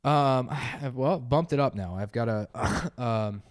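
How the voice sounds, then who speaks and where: A man's voice: mid-range voice, takes it slowly. Profane, sarcastic male podcast co-host. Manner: profane, sarcastic, deadpan put-downs. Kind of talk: casual comedic banter.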